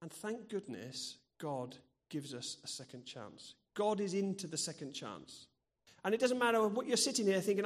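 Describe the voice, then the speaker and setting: A man's voice: sits high, very animated, moderate pace. Earnest middle-aged man preaching. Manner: earnest and personal, sharing stories from his own life. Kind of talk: sermon.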